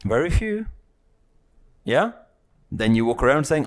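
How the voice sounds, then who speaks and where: A man leads a spiritual lesson for a live audience in a relaxed, conversational way. His voice sits at an ordinary middle pitch. He teases his listeners and keeps checking in with short questions. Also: a little slow. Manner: conversational, teasing, keeps checking in with "yeah?" and "right?". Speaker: spiritual teacher.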